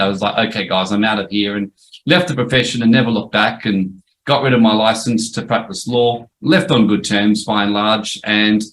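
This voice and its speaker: A man's voice: medium pitch, fairly bright tone, rough recording. A middle-aged man, a former lawyer presenting a webinar course in a chatty, storytelling way. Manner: chatty storytelling, frequent restarts and "yep".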